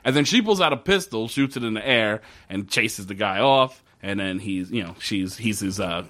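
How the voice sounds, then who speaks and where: A man co-hosting a casual podcast, retelling a TV episode with lively storytelling and swearing. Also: fairly low pitch, moderate pace. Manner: animated storytelling, quoting characters in shifting voices, swearing. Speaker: podcast co-host recapping a TV episode. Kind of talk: casual chat.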